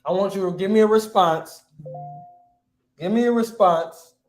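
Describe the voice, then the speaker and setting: A man's voice: sits high, measured pace, soft background music. A man teaching a class in a casual, slangy way, quizzing his students. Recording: echoey room.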